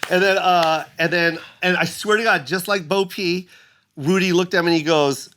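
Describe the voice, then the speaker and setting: A middle-aged man on a casual podcast, telling a story with animated energy and acting out other people's lines in loud, high voices. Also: normal speed. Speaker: guest comedian.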